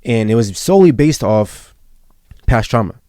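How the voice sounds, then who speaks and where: Low-voiced man telling a rambling story. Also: animated, normal speed, mellow, dry recording, studio quality. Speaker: podcast host. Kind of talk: casual podcast chat.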